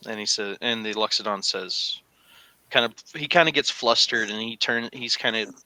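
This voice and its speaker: A man narrating a tabletop game as game master, with a bright, forceful voice set on the low side. He tells the scene in an animated way with frequent fillers. The sound is dry and close. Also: moderate pace, no echo.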